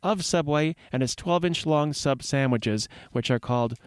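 A man's voice: a little high, normal speed, smooth, no echo. Dry-voiced wisecracking male radio host. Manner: wry, rambling asides and puns. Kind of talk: jokey community radio news segment. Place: radio studio.

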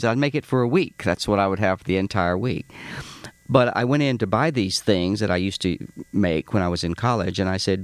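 A middle-aged novelist from Alabama with a Southern accent, telling anecdotes as a guest in a radio studio. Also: male voice, low voice, clean tone, dry recording. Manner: anecdotal, acts out voices in stories. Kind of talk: relaxed storytelling interview.

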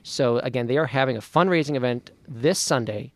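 A man's voice: medium pitch, brisk, no room sound, studio quality. A man co-hosting a casual talk radio show, summing up upcoming events. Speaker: radio co-host. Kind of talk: casual chat.

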